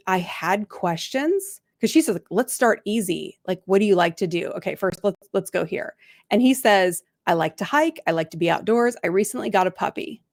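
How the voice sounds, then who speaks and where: A woman's voice: mid-range voice, no room sound, clean studio sound. A middle-aged woman, a relationship coach, casually commenting on a reality show and lifting her voice to quote the people in it. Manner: chatty, animated, quotes people in lifted voices.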